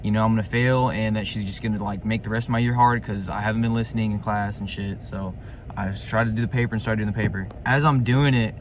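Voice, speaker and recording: A man's voice: fairly low pitch, steady tone, quick pace, slight background noise. A man telling a personal story in a casual, rambling way, full of slang fillers and swearing.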